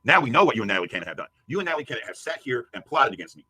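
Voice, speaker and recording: A husky man fires off a furious, profane rant at breakneck speed, his voice bright and tense as it swings wildly up and down. The sound is dry and close, with no room around it. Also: medium pitch, sing-song, rapid-fire, no room sound. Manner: profane, shouting insults at a rival. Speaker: YouTube streamer. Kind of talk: angry livestream rant.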